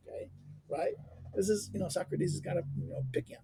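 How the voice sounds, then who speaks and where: Man lecturing on an old text, high gravelly voice, husky, halting with fillers. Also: dry recording. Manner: halting, many filler sounds and restarts; jumps into animated pitch when quoting. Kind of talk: reading aloud and explaining a classic text.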